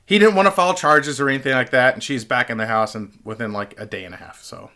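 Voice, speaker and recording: A man's voice: medium pitch, quick pace, pushed and bright. A man casually telling a rambling, profane story straight to his webcam, with lots of fillers. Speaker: vlogger. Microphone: webcam picking up the mic closely.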